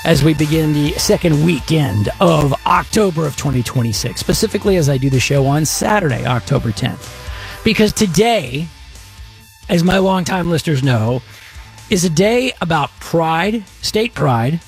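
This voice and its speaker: A man hosting a consumer tech radio show, talking in a folksy, chatty, energetic way. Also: a little high, normal speed, faint music behind. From Texas. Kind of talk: casual radio talk show.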